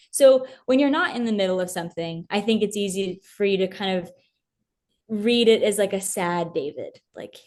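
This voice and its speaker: A woman's voice: mid-range voice, animated, moderate pace. A young woman as an interview guest, talking earnestly and from the heart about her faith, with many fillers and restarts. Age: young adult.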